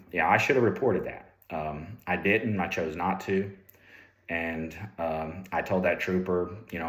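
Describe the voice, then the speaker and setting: Deep-voiced former trooper in echoey room. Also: male voice, a bit bright. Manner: conversational, repeats and restarts words. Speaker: police ethics lecturer, former trooper. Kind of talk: candid storytelling. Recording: roomy echo.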